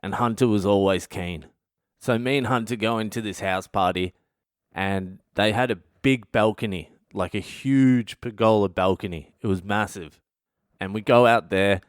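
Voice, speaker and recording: Aussie guy, 30s, ranting a story with heaps of swearing, lowish voice, dry close sound. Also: normal speed, clear, resonant tone, dry recording. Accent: Australian. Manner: profane, blunt and animated. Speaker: comedian podcast host. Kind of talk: comic personal storytelling.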